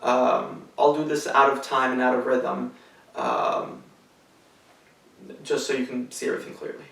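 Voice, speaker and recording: A man's voice: mid-range voice, huge pitch swings, unhurried, gravelly, a bit bright. A man giving a cello lesson, explaining rhythm step by step in a patient, methodical way with some fillers. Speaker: cello teacher. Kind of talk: instructional tutorial. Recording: echoey room, mic at a distance.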